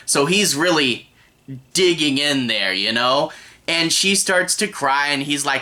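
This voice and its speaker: A man's voice: a little high, a little slow, sharp tone. A young man giving a casual, rambling spoken review of a TV episode. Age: young adult. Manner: rambling, conversational, with frequent restarts.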